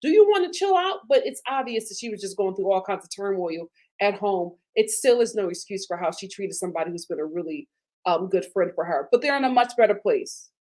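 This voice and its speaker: A woman recaps a reality TV episode in casual talk, and she gets animated and emphatic as she goes. She repeats her punchlines for effect. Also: medium pitch, fairly quick. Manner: retells scenes in quoted voices. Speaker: host of a TV recap channel.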